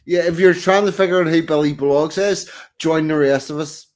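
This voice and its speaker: A man's voice: fairly high pitch, normal speed, darkish tone. A man with a Belfast accent talks in a slightly raised register, blunt and dryly funny, peppering his chat with swearing. It sounds like a casual home live-stream. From Northern Ireland. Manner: blunt, swears freely, dry humor.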